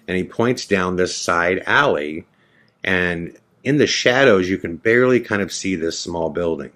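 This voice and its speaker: A man's voice: sits low, normal speed. A man hosting a podcast, casually telling a first-person story and acting out both sides of the conversation. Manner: animated retelling, acts out both sides of dialogue. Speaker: podcast host.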